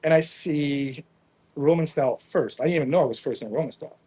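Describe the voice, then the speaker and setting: Young male chef, Naples-raised, animated storyteller acting out quotes in casual interview talk. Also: a little high, brisk, slightly rough, rough recording. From Naples area, Italy. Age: young adult. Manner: animated, acts out quotes, frequent "right?" tags. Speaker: pizza chef guest.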